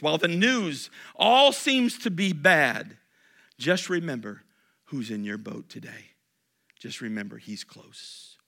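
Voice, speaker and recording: Emphatic, bright-voiced male preacher. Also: creaky. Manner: emphatic, swinging from loud, high peaks to quiet asides; repeats key phrases with restarts. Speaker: pastor. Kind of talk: sermon.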